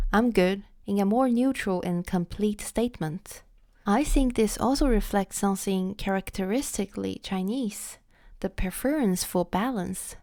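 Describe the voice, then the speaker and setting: A woman teaching Chinese in a scripted lesson, repeating each example phrase slowly and carefully for learners. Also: medium pitch, darkish tone, no room sound, studio quality.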